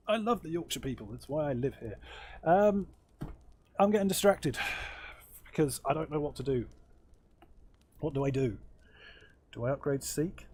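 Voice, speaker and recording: A man's voice: medium pitch, animated, moderate pace, pauses often, mellow, slight background noise. A man hosting a let's play, commenting casually on his moves with wry, self-deprecating asides as he thinks aloud. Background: faint game music.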